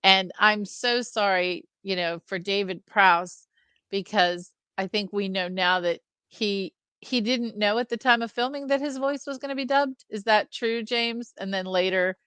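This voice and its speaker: A woman's voice: medium pitch, measured pace, fairly bright tone, clear, resonant tone, no room sound. A woman co-hosting a casual film review chat, analytical and thoughtful, often checking in with the others. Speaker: podcast co-host.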